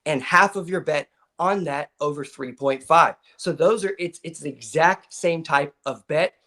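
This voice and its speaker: A man's voice: a little high, a little slow, sharp tone. Enthusiastic man breaking down soccer bets. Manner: explanatory, enthusiastic about picks. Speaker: sports betting analyst. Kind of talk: live sports betting show.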